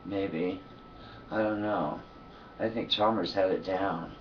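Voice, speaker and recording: A man's voice: low-pitched, fairly even intonation, takes it slowly, far from the mic, dull audio, slight background noise. A man talking to his camera in a loose, profane monologue, sleepy and yawning, laughing often between thoughts. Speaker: vlogger. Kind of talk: casual rambling monologue.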